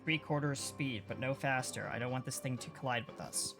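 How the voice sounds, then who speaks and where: A man voicing a cautious male submarine captain who gives careful, measured orders in a tabletop game. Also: medium pitch, music in the background, lightly acted.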